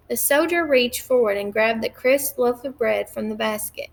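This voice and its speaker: Lady reading a chapter book aloud, kinda high voice w a little gravel, restarts now and then. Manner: measured, occasional slips and restarts. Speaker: reader.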